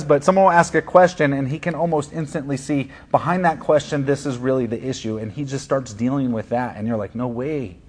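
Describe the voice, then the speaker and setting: A man's voice: medium pitch, a little mellow. A man preaching to his church, earnest and conversational, with fillers and repeated words. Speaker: pastor. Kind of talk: sermon.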